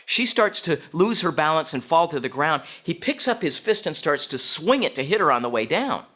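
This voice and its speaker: Telling his story to an audience at a moderate pace, a man speaks with a bright, crisp edge and big, wide pitch swings. He often turns to his listeners with direct questions.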